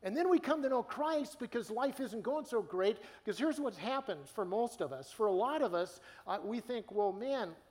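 A man's voice: high voice, expressive, moderate pace, few pauses, a little mellow. A man preaching a sermon in an earnest, conversational way, stumbling and restarting as he speaks, heard with church hall reverb. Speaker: guest preacher.

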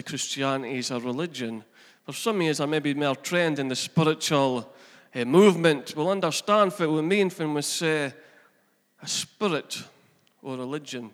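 A man's voice: a little high, a bit bright. Man preaching in an echoing church hall. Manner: earnest, building preaching energy with asides to the congregation. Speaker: pastor. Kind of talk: sermon.

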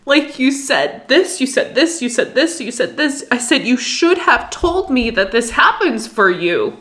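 A young woman telling an emotional personal story, halting and distressed, full of fillers and restarts. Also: sits high, big pitch swings, a bit bright. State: distressed, near tears.

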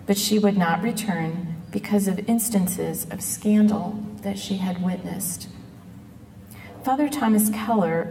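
A middle-aged woman giving an earnest personal testimony, speaking in a measured way and slowing down on quoted words. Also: on the low side, a little mellow. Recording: echoey hall, mic at a distance.

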